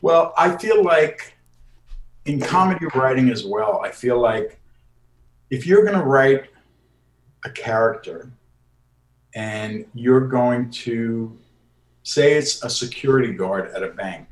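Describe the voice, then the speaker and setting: An older man, a comedy writer and improv teacher, answering interview questions and slipping into quick character voices to make his points. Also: medium pitch, lively intonation, echoey room, a little hiss or hum, low-quality recording.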